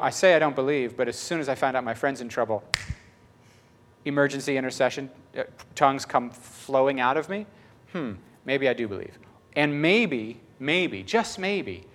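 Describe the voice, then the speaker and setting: Speaking at a medium pitch, a pastor gives a relaxed sermon full of stories. He's chatty and lively, frequently laughing and impersonating what people said.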